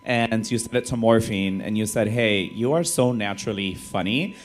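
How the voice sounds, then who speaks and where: A man's voice: on the low side, moderate pace. A man hosting a drag viewing party, chatting casually and playfully, moving the talk along. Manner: animated, playful, steering the talk. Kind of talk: casual chat.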